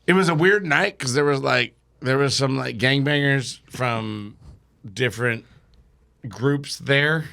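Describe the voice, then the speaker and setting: A man's voice: medium pitch, takes it slowly, creaky, sharp tone. A young man telling a wild drinking story as a podcast guest, swearing and laughing through it. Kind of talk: casual storytelling.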